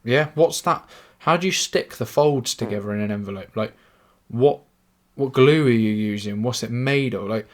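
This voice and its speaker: A man's voice: mid-range voice, moderate pace, hardly any pauses. Young english guy rambling on his podcast, swears a lot, takes the mick out of himself. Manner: swearing, rambling, self-mocking. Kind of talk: casual monologue.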